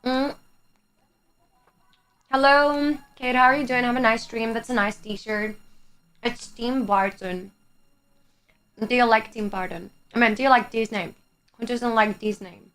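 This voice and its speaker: A woman's voice: a little high, steady tone, unhurried, pauses often, a bit bright, clear, resonant tone. A young woman from Greece whose first language is Greek, chatting with her live chat on a stream. She is chatty, laughs often and swears casually. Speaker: livestreamer. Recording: faint music behind the voice.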